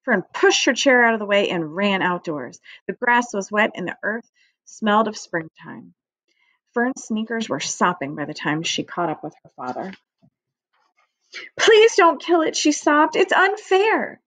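A woman's voice: mid-range voice, lively intonation, moderate pace, a bit bright, no room sound, low-quality recording. Woman reading a storybook aloud. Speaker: teacher. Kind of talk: reading a children's book aloud.

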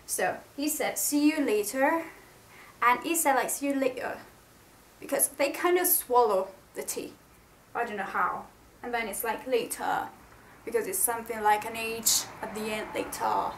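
Italian woman, chatty and fairly high. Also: moderate pace, fairly bright tone, low-quality recording. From Italy. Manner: chatty, eager, self-deprecating. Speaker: YouTuber. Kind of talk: casual explainer vlog.

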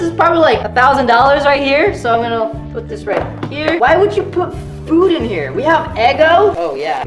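Casual female vlogger, animated delivery, echoey room, background music. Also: mid-range voice. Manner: excitable, swings between whiny disappointment and squealing excitement. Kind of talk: casual unboxing vlog.

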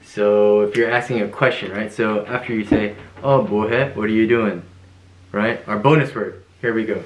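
A man with a fairly low voice leads a casual video lesson. He sounds upbeat and playful, laughs easily, and says phrases slowly and more than once. The room is echoey. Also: steady tone. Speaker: Korean language teacher.

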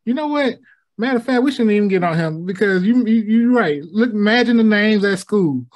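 A man's voice: high-pitched, expressive, a little fast. A man, explaining things in a matter-of-fact way during a casual chat. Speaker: podcast co-host.

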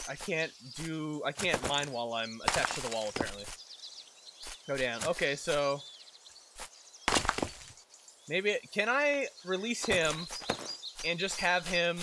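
Excitable gamer man with lively pitch. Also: very noisy. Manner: excitable, talks to himself and his game characters, swears when startled. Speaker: let's play gamer. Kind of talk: live gameplay commentary. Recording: loud game sounds behind voice.

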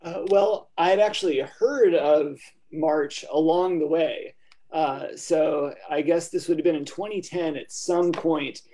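A man, an illustrator, answering a panel question in a measured, thoughtful way. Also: a little high, dark tone.

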